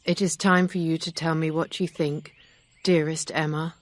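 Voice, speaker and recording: A woman reading a grave, steady gentleman. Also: sits low, dry recording, lightly acted. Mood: earnest. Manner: steady, measured and serious. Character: grave, sincere gentleman in love. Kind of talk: audiobook character reading.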